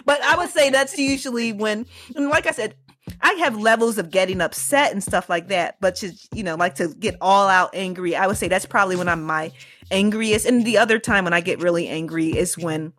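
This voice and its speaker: A woman podcast co-host telling stories in casual chat, animated and laughing often. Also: mid-range voice, fairly quick. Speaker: teacher.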